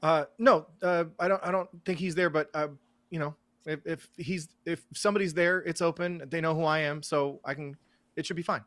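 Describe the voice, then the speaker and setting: A man playing a tabletop game who describes his character's surroundings in a relaxed way with many fillers. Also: a little high, brisk, no room sound. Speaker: player.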